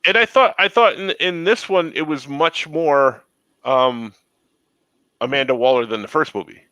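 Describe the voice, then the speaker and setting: A man's voice: fairly high pitch, normal speed, bright, forceful tone, no room sound, poor audio. A man hosting a casual chat, telling long rambling stories. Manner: rambling storyteller. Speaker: host.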